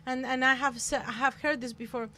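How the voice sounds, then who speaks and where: A woman coach talking in a casual conversation, emphatic and animated, laughing often. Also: high voice, brisk, a crowd in the background. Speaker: guest coach.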